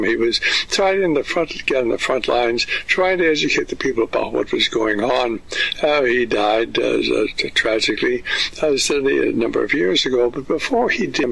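A radio talk show host introduces his guest in a gravelly, somewhat raspy voice. He speaks haltingly, with frequent fillers and restarts. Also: medium pitch, lively intonation, fairly bright tone, no echo, low-quality recording.

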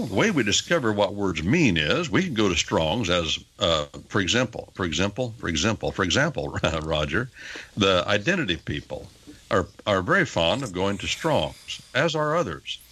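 Heard in poor audio, an older man with a deep, slightly rough voice teaches on the Bible as a radio talk show guest. He speaks in an emphatic, teacherly lecture, animated and pushing up his stresses.

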